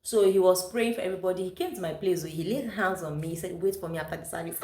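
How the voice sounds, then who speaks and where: A woman's voice: fairly low pitch, quick pace, warm tone, roomy sound, a little hiss or hum. A woman with a Nigerian accent, a vlogger chatting through a personal story, slipping into Pidgin English and laughing often.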